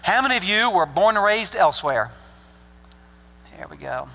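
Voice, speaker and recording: Older male pastor from Arkansas, bright folksy delivery, joking asides, big reverberant hall. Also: high-pitched, very animated, normal speed, gravelly. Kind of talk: sermon. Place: church sanctuary.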